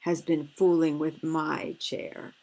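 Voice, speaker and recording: Papa Bear, a woman reading as a gruff big bear. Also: low-pitched, flat delivery, takes it slowly, darkish tone, low-quality recording. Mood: grumbling. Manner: growling. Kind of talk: storybook read-aloud.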